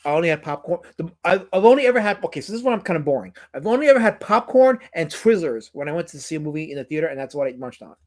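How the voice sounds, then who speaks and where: A man's voice: a little high, racing, hardly any pauses. Casual talk-show host from New York, a man who rambles and stutters over words. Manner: animated, rambling, repeats words. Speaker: podcast host. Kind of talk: casual chat.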